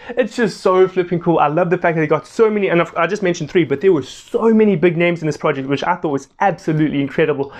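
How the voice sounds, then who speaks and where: A young man gives a casual video review of a film. He talks in an animated, excitable way, often breaking into laughter, and his voice sits a touch higher than most men's.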